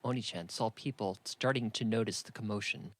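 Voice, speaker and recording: A man narrating an audiobook in an even, matter-of-fact reading. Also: lowish voice, a little fast, dry recording. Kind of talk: scripted narration.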